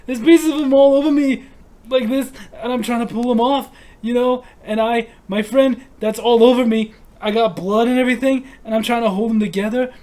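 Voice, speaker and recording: A man voicing a shouting, haunted male war veteran in anguished outbursts. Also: extremely high pitch, steady tone, fairly quick.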